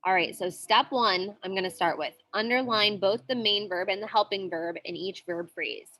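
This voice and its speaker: A woman teacher walking students through a worksheet, often checking in with "okay?" and slowing down to read example sentences. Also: mid-range voice, pushed and bright. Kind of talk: recorded worksheet walkthrough.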